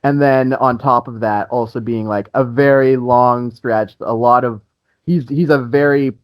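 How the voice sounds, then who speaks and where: Guest musician, male, mid-pitched, rambling delivery with restarts and laughter, dry close mic. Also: fairly even intonation, a little slow, no echo, dull audio. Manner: rambling, many restarts and fillers, laughs often. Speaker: band guitarist, interview guest. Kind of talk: casual interview chat.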